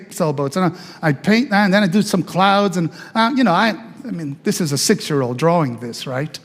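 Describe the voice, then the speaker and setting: A man's voice: high voice, long reverb tail. A male pastor from Italy telling his life story as a sermon in a chatty, conversational way, with asides to the congregation. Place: church sanctuary.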